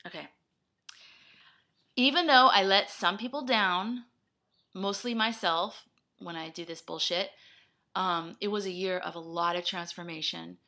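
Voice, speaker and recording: Bright-voiced woman rambling in a vlog. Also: on the low side, unhurried, pauses often. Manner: self-deprecating, scattered, talks in bursts. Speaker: vlogger. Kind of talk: rambling personal video blog.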